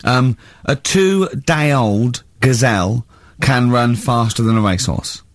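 A man's voice: medium pitch, unhurried, no room sound, clean studio sound. A man from England hosting a radio show, telling stories with a mocking, laughing manner. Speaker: radio host. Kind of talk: casual radio banter. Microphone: studio microphone.

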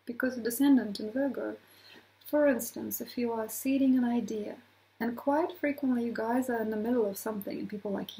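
A woman astrologer talking casually to her viewers, animated, acting out little quoted voices and laughing often. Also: fairly high pitch, fairly quick, low-quality recording. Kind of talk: casual astrology talk to camera.

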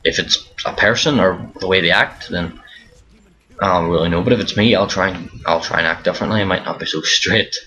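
A man's voice: low-pitched, brisk, pushed and bright. A tired young man giving rambling casual commentary over a zombie game, often restarting his sentences. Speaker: gaming commentator. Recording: dull lo-fi mic with faint hiss.

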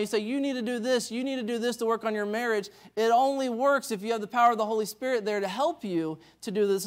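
A man, a missionary pastor, telling stories in a conference sermon, acting out the dialogue with many restarts. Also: high-pitched. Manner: animated storytelling, acts out dialogue, many restarts. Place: church sanctuary.

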